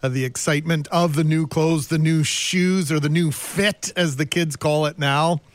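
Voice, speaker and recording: A male radio co-host bantering in a jokey, animated way. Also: on the high side, normal speed.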